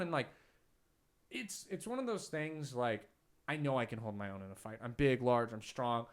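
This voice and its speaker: A man's voice: medium pitch, animated, normal speed. A young man, a podcast host and comic, chatting casually and rambling through a story with lots of "like" fillers. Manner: rambling storyteller, heavy filler "like", acts out quotes loudly. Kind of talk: casual chat.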